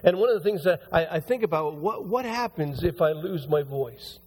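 A man preaching a conversational sermon as pastor, his voice a little hoarse and recovering. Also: a little high, lively intonation, moderate pace, darkish tone, a little hiss or hum. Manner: conversational, rambling with restarts. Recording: long hall reverb.

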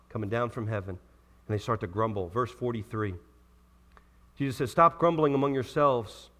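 A man preaching a sermon, animated, acting out the voices of people he quotes. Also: lowish voice. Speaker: pastor.

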